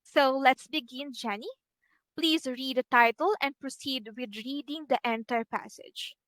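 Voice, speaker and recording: A woman teaching a one-on-one online English lesson, patient and encouraging, pausing to type corrections as she talks. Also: high-pitched, fairly bright tone, no echo.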